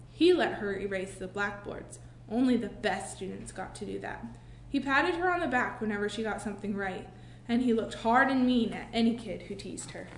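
A woman reading a children's book aloud, expressive, with slow dramatic pauses. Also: a little high. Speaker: narrator. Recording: echoey room with faint hiss.

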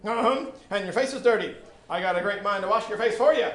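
A man's voice: high-pitched, quick pace, a bit bright, voice pushed up. A man voicing a large, stern older woman who scolds a boy in a firm, folksy way while reading a story aloud in an echoey room. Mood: scolding. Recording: echoey room with faint noise.

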